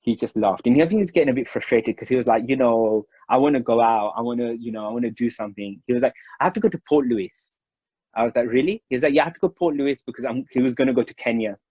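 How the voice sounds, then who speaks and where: A man's voice: mid-range voice, racing, husky, no echo. A man, from Mauritius, casually telling a personal story and acting out the quoted voices. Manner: animated, acts out quoted dialogue. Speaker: storyteller recounting memories. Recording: dry, slightly dull recording.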